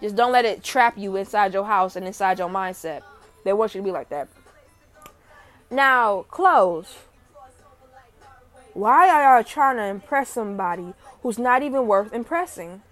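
A young woman in a casual, animated rant to camera, often rising to near shouting when heated. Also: mid-range voice, a little slow, pauses often, soft background music. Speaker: vlogger.

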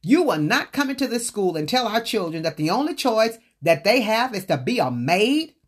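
A woman voicing a tall, stern male teacher who speaks forcefully and protects his student. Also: deep voice, measured pace. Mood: angry. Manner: forceful, commanding.

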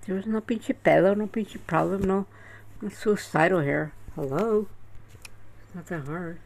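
A woman's voice: on the low side, gravelly, rough recording. A woman telling a personal story in a rambling, agitated, profane way. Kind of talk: casual storytelling.

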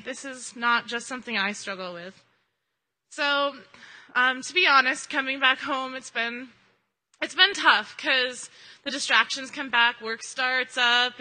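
Earnest bright-voiced woman giving testimony. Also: fairly high pitch. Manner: earnest and conversational, with frequent ums. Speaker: church member giving a mission-trip testimony. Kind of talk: personal testimony at a church service. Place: church hall. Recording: reverberant hall sound.

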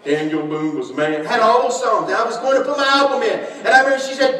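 A man preaching a sermon, telling stories animatedly, shouting and laughing as he acts out conversations. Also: very high-pitched, a little fast, few pauses, a loud crowd, very noisy. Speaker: pastor. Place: large church hall. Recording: echoey church hall, distant mic.

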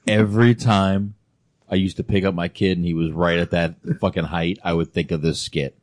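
A man's voice: low voice, fairly even intonation, normal speed. A man hosting a reaction video in casual chat, blunt and emphatic, swearing as he agrees.

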